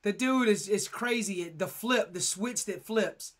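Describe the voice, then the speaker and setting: A man's voice: sits high, a little slow. A young man co-hosting a podcast, telling stories in casual, emphatic chat. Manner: animated storytelling, emphatic. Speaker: podcast co-host.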